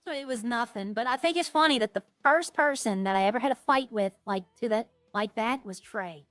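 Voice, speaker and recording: Higher-voiced woman streaming a game. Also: a little fast, hardly any pauses, a bit bright, dry recording, soft background music. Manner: rambling, thinking aloud. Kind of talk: casual gameplay chat.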